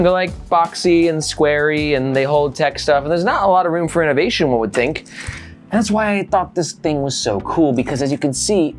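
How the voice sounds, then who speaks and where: A man hosting a casual gear review vlog, joking and swearing casually as he talks. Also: a little high. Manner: jokey, animated, swears casually.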